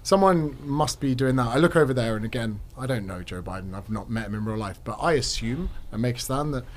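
A man hosting a podcast in casual chat, joking and talking quickly. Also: mid-range voice, lively intonation, slight background noise. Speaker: podcast host.

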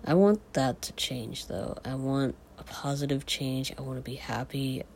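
A podcaster talking in a casual, confessional way, a man whose voice is changing and cracks now and then. He talks haltingly, with many fillers and restarts. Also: mid-range voice, creaky, a little hiss or hum.

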